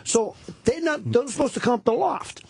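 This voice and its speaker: A man's voice: very high voice, moderate pace, gravelly, breathy edge, dry recording. A middle-aged man telling rambling, profane stories in casual talk-radio banter as a comedian guest. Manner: profane, rambling, animated storyteller.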